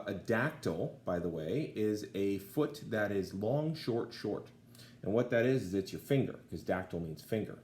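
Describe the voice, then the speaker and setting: A man's voice: low-pitched, darkish tone. A man teaching a casual video lesson, often checking in with the class as he explains. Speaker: Latin teacher. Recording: echoey room, faint background noise.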